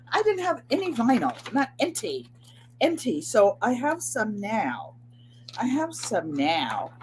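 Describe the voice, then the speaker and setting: A woman's voice: fairly high pitch, slight background noise. An older woman hosting a sewing and crafts channel, chatting casually to viewers in a rambling way and often repeating herself. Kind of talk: casual live chat.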